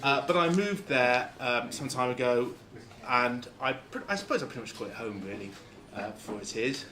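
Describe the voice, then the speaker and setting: A man from Lancashire giving an informal talk to a club, halting and full of fillers and restarts. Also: medium pitch, expressive, pushed and bright. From Lancashire, England. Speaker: guest speaker.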